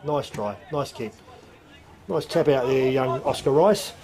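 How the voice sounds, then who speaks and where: A man's voice: mid-range voice, unhurried, background noise. Upbeat Australian colour commentator, man. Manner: analytical, opinionated colour commentary. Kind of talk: live sports commentary.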